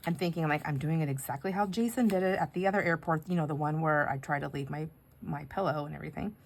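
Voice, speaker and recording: A woman's voice: deep voice, fast talker. A woman chatting casually while decorating pages, telling a rambling story with asides about her crafting. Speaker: craft vlogger.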